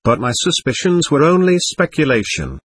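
A man in his twenties telling his own story in earnest, measured first-person narration. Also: a little high, huge pitch swings, slightly rough, no room sound. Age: 20s.

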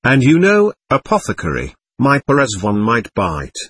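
A defiant teenage schoolboy who mocks with sharp, incisive words, as a man puts him on in an audiobook. The voice is husky and lively, and the reading is dry and close. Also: mid-range voice, moderate pace, heavily acted. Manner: incisive, mocking, cutting. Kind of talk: audiobook character voice.

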